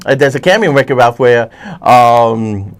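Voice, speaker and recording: A man's voice: medium pitch, animated. A man hosting a casual chat about movies and TV, rambling with many restarts and self-corrections. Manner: puts on quick voices when retelling scenes. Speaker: host.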